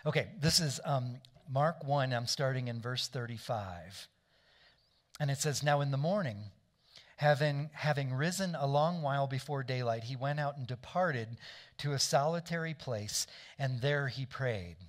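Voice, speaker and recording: A man's voice: mid-range voice, a little slow. A man preaching a sermon in a conversational way, often asking the congregation to agree and correcting himself as he goes. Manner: frequent restarts and self-corrections. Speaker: pastor.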